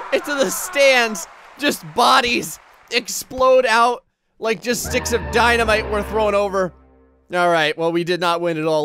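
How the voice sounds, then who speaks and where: A man excitedly commentating his own gameplay, often shouting and laughing at what happens on screen. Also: high voice. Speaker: gaming channel host.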